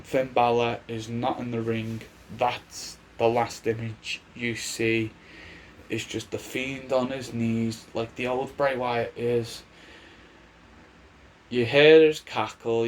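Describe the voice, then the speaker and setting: Slow-talking man rambling about wrestling. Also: mid-range voice. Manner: rambling, chatty, restarts his sentences. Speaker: wrestling commentator. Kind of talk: casual predictions vlog.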